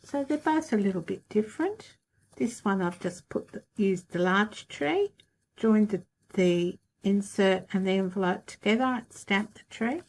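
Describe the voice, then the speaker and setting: A woman hosting a craft tutorial, calmly and practically talking through each step of a demonstration. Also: medium pitch, unhurried.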